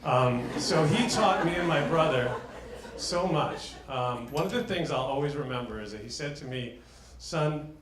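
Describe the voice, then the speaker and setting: A man's voice: medium pitch, lively intonation, normal speed, noisy background. Chatty man telling stories in a roomy hall. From New York. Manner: chatty, self-deprecating humor. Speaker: talk speaker. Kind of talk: personal storytelling talk. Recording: roomy echo.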